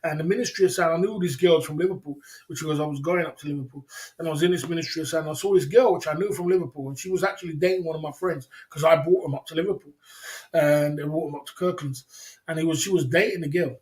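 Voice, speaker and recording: A man rambles through a casual livestream story, full of slang and restarts. His voice sits a little higher than most men's. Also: quick pace, darkish tone. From England. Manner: rambling, repeats himself, slangy, laughs often. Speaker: livestream host.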